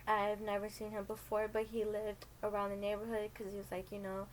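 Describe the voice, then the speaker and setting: A woman's voice: mid-range voice, monotone, a little fast, a little hiss or hum, low-quality recording. Rambling young woman telling a story. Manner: rambling, many fillers, acts out voices. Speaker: storytime vlogger. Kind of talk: casual storytelling.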